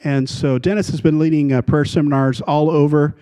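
A man, the pastor, earnestly introducing a guest preacher, with many filler pauses. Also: a little high, fairly even intonation, dark tone, clean tone. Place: church.

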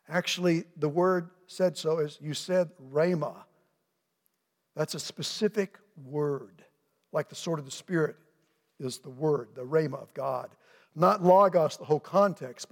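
A pastor with a high male voice preaches a sermon in a church sanctuary, where the hall's long reverb trails his words. He speaks a little slowly and with animation, acting out the voices of people in his story.

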